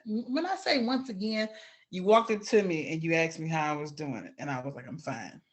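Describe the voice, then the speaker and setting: A woman guest on a faith podcast, speaking softly and emotionally, close to tears. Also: fairly low pitch, normal speed. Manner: soft-spoken and emotional, near tears. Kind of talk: casual chat.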